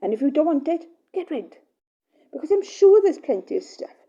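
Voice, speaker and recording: A middle-aged woman talks on and on in an earnest, apologetic way, stopping often for fillers. Her voice is dark and mellow. The recording is dull and muffled. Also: high-pitched, big pitch swings, moderate pace. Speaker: mother speaking to a partner. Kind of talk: personal heartfelt monologue.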